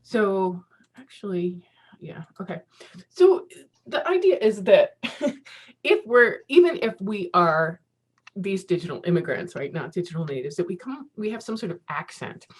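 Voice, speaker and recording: A woman's voice: mid-range voice, slightly rough. A woman in her fifties giving a casual keynote talk over a video call, chatty and laughing often at herself. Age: 50s. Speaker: keynote speaker.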